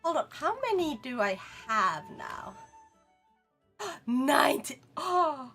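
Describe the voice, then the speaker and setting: A woman's voice: high voice, sing-song, sharp tone, soft background music. A young woman with a Swedish accent, chatting playfully with her viewers while streaming a game. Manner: playful, bantering with chat, quick laughs. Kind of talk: casual gaming stream chat.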